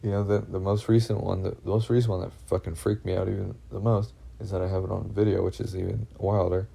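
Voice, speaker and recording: A man with a deep, very gravelly voice and a dark, husky tone speaks in a rambling vlog monologue. He halts often, restarts sentences and swears freely. His telling sounds uneasy throughout. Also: little pitch movement. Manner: halting, full of fillers and restarts, heavy swearing. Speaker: vlogger recounting personal experiences. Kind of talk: rambling first-person monologue.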